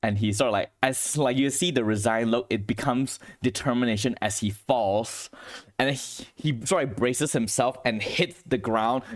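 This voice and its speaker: A man at mid pitch narrating a tabletop role-play as game master. He talks in a loose, vivid way, peppered with "sort of, like.". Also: moderate pace.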